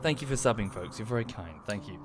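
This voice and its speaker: A man talks to his livestream viewers in a loose, rambling way, and his pitch rises and falls a lot as he goes. Faint music plays behind him at home. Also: expressive, fast talker. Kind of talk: casual livestream chat.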